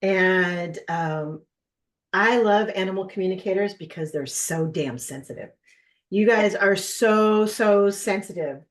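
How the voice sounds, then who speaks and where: A woman's voice: medium pitch, measured pace. A woman hosting a podcast, speaking with emphatic enthusiasm as she asks her guests for their views. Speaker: podcast host. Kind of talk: casual podcast chat.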